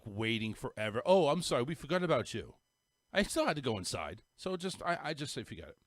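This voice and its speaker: A man's voice: mid-range voice, a bit bright, no room sound, studio quality. A middle-aged man with a Northern US accent, hosting a show and rambling through a story with many restarts. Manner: rambling storyteller, repeats words, restarts sentences. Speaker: podcast host. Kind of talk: casual chat.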